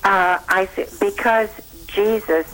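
A woman's voice: mid-range voice, takes it slowly, fairly bright tone, poor audio. A woman calling a talk show, hesitant and rephrasing her question. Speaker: caller. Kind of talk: phone-in question.

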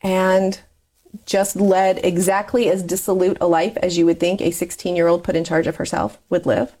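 A woman's voice: fairly low pitch, fairly even intonation, normal speed, warm tone. Chatty, candid woman in her forties. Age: 40s. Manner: chatty, candid, laughs often while talking. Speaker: interview guest. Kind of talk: personal life story in conversation.

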